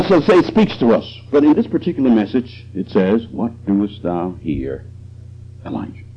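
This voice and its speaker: A man's voice: fairly high pitch, breathy edge. A man preaching a sermon, with chuckling asides and emphasis that swells and drops. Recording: dull lo-fi recording.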